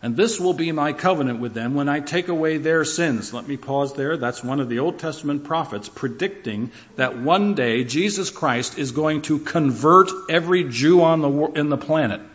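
A man's voice: fairly high pitch, moderate pace, few pauses, a bit bright, muffled recording. A man preaching a sermon, building his points through rhythmic lists and shifts in emphasis. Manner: emphatic, rhythmic lists with rising and falling delivery.

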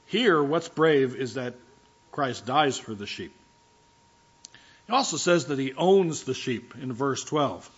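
A man's voice: medium pitch, lively intonation, slow pace, long pauses, slightly rough. Male pastor, chatty sermon delivery, self-deprecating humor, stumbles and restarts; muffled lo-fi recording. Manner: frequent restarts and filler words. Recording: dull lo-fi recording.

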